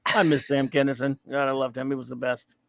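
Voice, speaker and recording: A man's voice: medium pitch, flat delivery, a little fast, creaky, a bit bright, no room sound. A man hosting a podcast in rambling, self-mocking casual chat. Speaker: podcast host.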